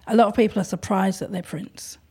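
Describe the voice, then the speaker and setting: A woman who runs an art gallery, talking in a thoughtful, hesitant way with many pauses and ums. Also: mid-range voice, steady tone, creaky, a little mellow, slightly rough. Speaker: gallery owner. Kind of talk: casual conversation.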